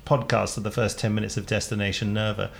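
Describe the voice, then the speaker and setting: A man's voice: fairly low pitch, little pitch movement, quick pace, gravelly. A man hosting a podcast, chatting casually and laughing at himself while he has a cold. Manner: chatty, self-mocking, laughs often. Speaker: podcast host. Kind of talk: casual chat. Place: home recording, trains audible outside.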